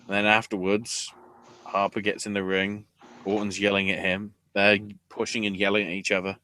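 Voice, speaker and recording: Man, podcast host, sarcastic, rambling, low pitch, tense bright tone. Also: level tone, normal speed, slight background noise. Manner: rambling, sarcastic play-by-play with swearing. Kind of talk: casual recap chat.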